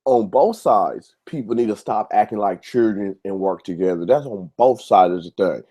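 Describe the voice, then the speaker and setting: A man's voice: fairly low pitch, moderate pace, mellow, husky. Heated, profane man ranting on his show. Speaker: YouTube show host. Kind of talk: ranting monologue to camera.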